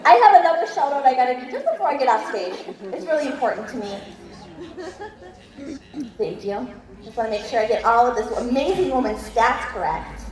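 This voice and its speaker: A woman's voice: high voice, far from the mic. A woman giving a motivational stage talk at a large event, speaking in an effusive, gushing way. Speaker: keynote speaker. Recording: echoey hall from afar with crowd.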